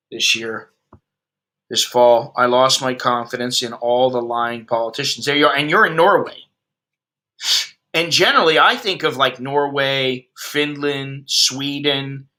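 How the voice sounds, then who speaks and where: A man's voice: mid-range voice, pushed and bright. An American man in his fifties, a vlogger ranting bluntly and profanely while chatting with his viewers. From United States. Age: 50s. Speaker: expat vlogger. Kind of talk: ranting livestream chat with viewers.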